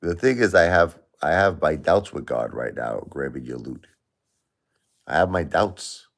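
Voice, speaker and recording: A man's voice: a bass voice, lively intonation, a little slow. A middle-aged man hosting a livestream, talking emotionally to viewers and repeating himself as he grieves. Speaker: livestream host.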